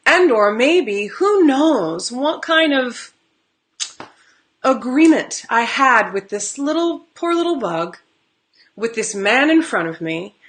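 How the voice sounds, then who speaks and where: A woman card reader chatting live with viewers, telling stories in an animated, laughing way. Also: high voice, slow. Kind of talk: live-stream chat with viewers.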